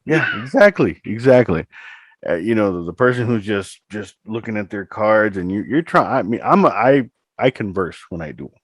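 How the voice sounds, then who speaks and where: Podcast host guy, lowish voice, chill chatty, dry close sound. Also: animated, moderate pace, breathy edge, no room sound. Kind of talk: casual chat.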